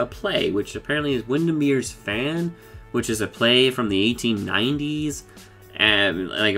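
A man giving a casual, rambling recap of a cartoon episode, excitable and full of swearing and fillers. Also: mid-range voice. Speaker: show reviewer.

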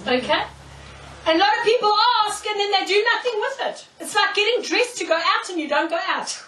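A woman preacher giving a sermon, telling stories in an animated way, often laughing and checking in with "okay?". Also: very high voice, a little fast, a crowd in the background. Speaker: preacher, prophetess. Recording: echoey room, mic far off.

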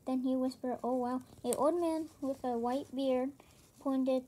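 A woman reading a children's chapter book aloud, halting, with frequent slips and restarts. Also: sits high, steady tone, mellow. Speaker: reader.

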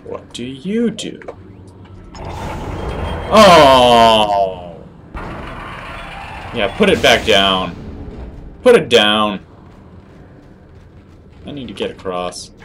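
A man narrates his horror game session with dry sarcasm, taunting the monsters and breaking into sudden shouts. He speaks slowly, but his pitch jumps up and down a lot. Game sounds are clearly audible under his voice. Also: big pitch swings, a little hiss or hum. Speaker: gameplay commentator. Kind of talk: let's play commentary. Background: game audio.

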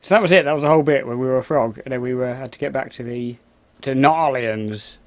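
A man's voice: mid-range voice, quick pace. A man giving rambling, casual let's-play commentary, exclaiming at the game and muttering asides. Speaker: gameplay commentator.

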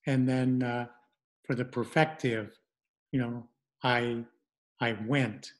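A middle-aged man presenting an online language lesson, speaking haltingly with many fillers and restarts. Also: mid-range voice, fairly even intonation.

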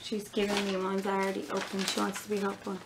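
A woman's voice: mid-range voice, completely flat delivery, very noisy. Chatty woman opening fan mail. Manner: chatty, gushing, fast asides. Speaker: couponing vlogger. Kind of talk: casual mail-opening chat.

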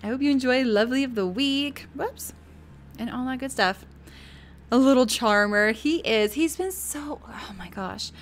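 A woman's voice: high-pitched, normal speed, slight background noise. A woman in her thirties chatting casually on a live stream, thanking viewers by name and talking about her kids with frequent laughs. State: mother of young kids.

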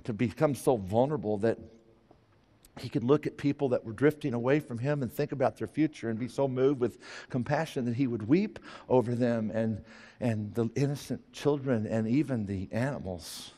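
A man preaching a sermon, animated, sometimes putting on high whiny voices for characters. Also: normal speed, long reverb tail. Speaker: pastor.

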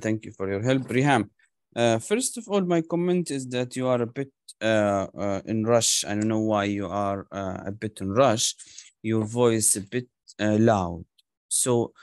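Man tutor giving lively spoken feedback. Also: no echo, studio quality. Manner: lively pitch, demonstrative, many fillers. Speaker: language exam tutor.

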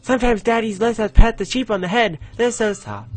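A man voicing a sweet young farm child in a video game, in a breathy falsetto. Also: expressive, a little fast, faint music behind.

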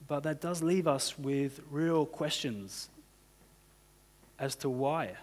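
Speaking slowly in a higher, darkish-toned voice, a man delivers a sermon as pastor in a church hall with reverb. His style is casual and conversational, peppered with "you know" and "kind of."

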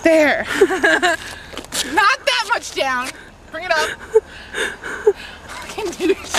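On a noisy street with cars passing, a woman clowns for a handheld camcorder held by her friend at an outdoor bus stop, giggling, bossing the friend around and swearing a lot. Her voice is very high with big pitch swings, and she speaks extremely slowly with long pauses.

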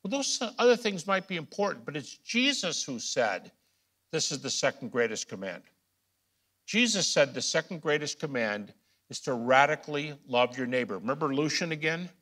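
A man lecturing to a class in a bright, forceful voice. He drives points home by repeating key phrases and asking the room questions. He drops low for asides, then punches the big lines loudly. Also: lively intonation, normal speed. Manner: swings between quiet asides and loud emphasis. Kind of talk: recorded lecture.

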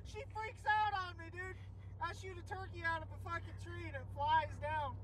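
A man casually telling a profane, animated anecdote, recorded outdoors. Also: very high-pitched, normal speed, distant mic. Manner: animated, profane storytelling with lots of "like". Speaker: storyteller. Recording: outdoors with loud traffic noise.

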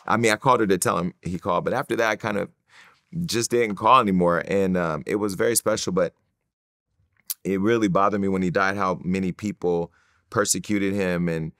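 A man from California sits as an interview guest and tells his life story in a very deep voice. He brings the story to life by acting out what others said. The sound is close and dry. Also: a little fast, dry recording. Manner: animated storyteller who acts out quoted voices.

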